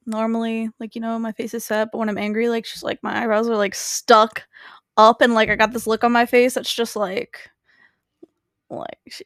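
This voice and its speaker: A woman's voice: fairly high pitch, dry recording, studio quality. A woman co-hosting a podcast in casual chat, rambling with lots of fillers. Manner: rambling, many fillers, animated. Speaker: podcast co-host.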